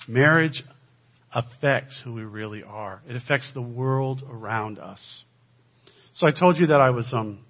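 A man giving a sermon-style talk as a guest speaker, swinging between loud emphasis and quiet asides. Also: medium pitch, breathy edge. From United States. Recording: dull lo-fi recording.

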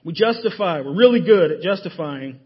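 A man preaching a sermon in a church, emphatic and full of rhetorical questions, often dropping his voice low to stress a point. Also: animated, normal speed, husky, dull audio. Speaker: pastor. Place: church sanctuary.

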